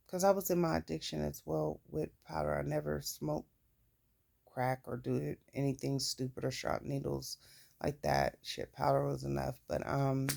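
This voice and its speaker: A woman's voice: rumbling low, gravelly, warm tone. A woman recounting her own life story in a candid, plain-spoken way, with casual swearing. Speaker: vlogger. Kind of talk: personal storytelling.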